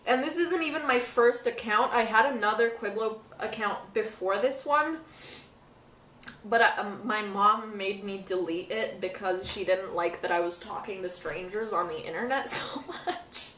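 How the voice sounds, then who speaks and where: A woman's voice: medium pitch, normal speed, fairly bright tone, a little hiss or hum. A young woman vlogging casually, rambling and laughing through tears. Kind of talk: casual talk to camera. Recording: echoey room from a distance.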